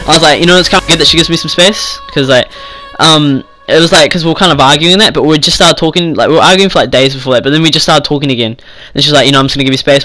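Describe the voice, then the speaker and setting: A man's voice: mid-range voice, sharp tone, no room sound, low-quality recording. A teenage boy telling a rambling story in casual chat, swearing often and filling with "like". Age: teens. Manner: rambling, swears freely, lots of "like". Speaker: vlogger.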